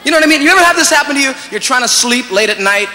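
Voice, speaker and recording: A man's voice: extremely high pitch, expressive, racing, pushed and bright. A male standup comedian with a Hawaiian Pidgin accent, chatty and always checking in with the audience. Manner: chatty, keeps asking the audience "you know?". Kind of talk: standup routine. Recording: live stage recording with reverb and noise.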